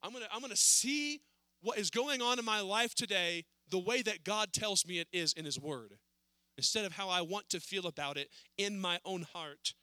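A man preaching a sermon in a church service, earnest, rising to pleading and then dropping low. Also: normal speed, bright, forceful tone, smooth, no room sound.

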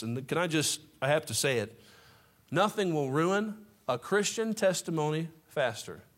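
A man preaching a sermon to his congregation, impassioned, with folksy asides to the room. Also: on the high side. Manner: impassioned, rising to near shouts. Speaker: pastor.

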